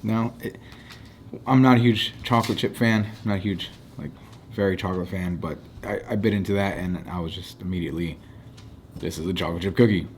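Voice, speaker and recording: A man with a fairly low voice talking through cookie ratings in an easygoing way. He slows down to announce each score and chats loosely in between. There is a faint background hum. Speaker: co-host rating food. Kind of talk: casual food review chat.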